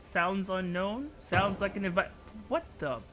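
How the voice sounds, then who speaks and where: A young man streaming a game live and bantering loudly with his chat, excitable and quick to yell. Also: high voice, soft background music. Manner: excitable, yelling at chat, quick mood swings. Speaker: VTuber streamer.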